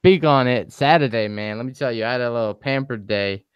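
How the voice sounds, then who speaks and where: A man's voice: mid-range voice, a little fast, smooth, dry recording. A young man co-hosting a podcast, telling funny stories in laid-back, joking casual banter with casual swearing. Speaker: podcast co-host.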